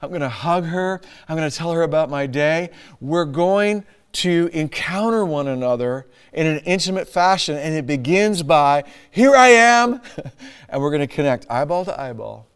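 A middle-aged male pastor delivers a lively sermon in a slightly high, smooth and resonant voice. He laughs often and throws his voice up high when he acts out a line. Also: moderate pace. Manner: animated, laughs often, acts out lines in a raised voice.

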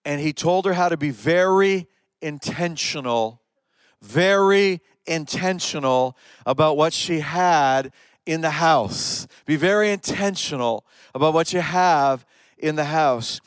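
A man's voice: fairly high pitch, animated, normal speed, clean tone, no echo. A man preaching a sermon, retelling stories and pressing his points with rising emphatic questions. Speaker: pastor.

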